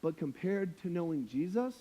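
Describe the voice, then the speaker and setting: A young man with a high voice preaches a sermon to his church. His delivery is casual and slangy, like chatting with friends, with humorous, emphatic punches. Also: sing-song, moderate pace, warm tone, slightly rough. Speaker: pastor.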